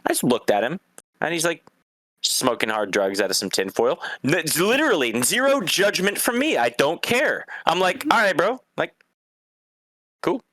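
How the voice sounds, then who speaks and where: A young man spinning casual stories with a bright, forceful edge to his voice. He swears freely, laughs often and slips into the voices of the people he describes. The sound is dry and close. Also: a little high, sing-song, moderate pace, dry recording. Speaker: guest. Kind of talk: casual storytelling.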